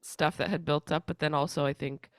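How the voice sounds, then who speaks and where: A woman's voice: low-pitched, steady tone, a little fast, no echo, clean studio sound. A young woman co-hosting a casual podcast, congested and chatty, rambling with lots of fillers. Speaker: co-host.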